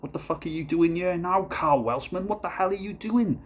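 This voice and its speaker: A man putting on an angry, exasperated male police officer who shouts questions at a suspect. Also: high-pitched, normal speed, pitched above the performer's own voice. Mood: exasperated shouting. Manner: angry, hectoring.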